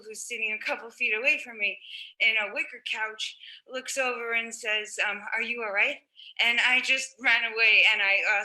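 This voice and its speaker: Young woman storyteller, high bright voice, halting with lots of ums and restarts. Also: low-quality recording. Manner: halting, many fillers and restarts. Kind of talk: personal storytelling.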